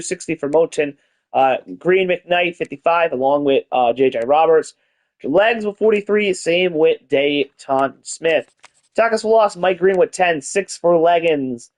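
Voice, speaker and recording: Excitable young gaming streamer, man. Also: fairly high pitch. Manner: excited, swearing, mock-announcer bursts. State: tired, yawning. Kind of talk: casual live game commentary.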